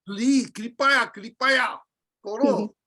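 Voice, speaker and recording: Teacher, male, patient and playful, leads a relaxed group class. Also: extremely high pitch. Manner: patient, jokey, repeats verses slowly. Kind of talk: casual group lesson.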